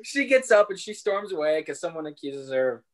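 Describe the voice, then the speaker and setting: A woman's voice: low voice, sing-song, a little fast. A woman co-hosting a casual podcast, retelling an episode and putting on silly voices for the characters. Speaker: podcast co-host.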